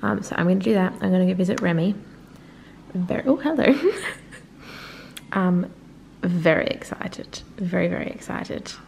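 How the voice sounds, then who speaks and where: A young woman chatting in a cosy gaming vlog, excitable, often dropping to a whisper and gasping. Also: fairly low pitch, moderate pace, gravelly, pauses often, a little hiss or hum. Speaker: vlogger.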